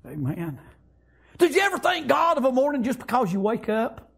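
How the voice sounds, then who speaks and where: Male preacher, impassioned sermon delivery, very high for a man, husky, keeps calling out amens. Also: animated. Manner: fervent, breaks into shouts, fills pauses with "praise God" and "amen".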